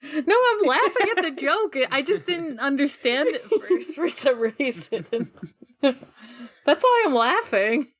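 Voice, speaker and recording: A woman's voice: high voice, very animated, slow pace, fairly bright tone. A woman co-hosting a podcast in casual chat, giggly, full of "like" fillers and casual swearing. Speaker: podcast co-host.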